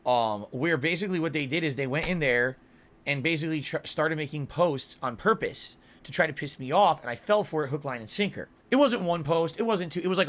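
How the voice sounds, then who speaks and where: Man, slightly high voice, ranting and defensive, hammers points by repeating himself. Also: a bit bright. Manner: ranting, insistent, repeats words for emphasis. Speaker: online video creator. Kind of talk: heated monologue.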